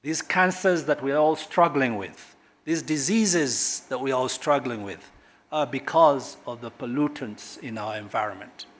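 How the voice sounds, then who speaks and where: A middle-aged man from Kenya, a government guest speaker at a corporate launch, speaks emphatically and swings sharply between loud and quiet. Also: mid-range voice, normal speed. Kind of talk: public speech at a corporate launch.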